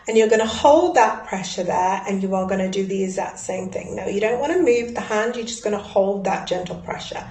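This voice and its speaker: A woman leading a guided breathwork and ritual session in a soothing, gently instructive way. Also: medium pitch, brisk, few pauses. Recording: echoey room.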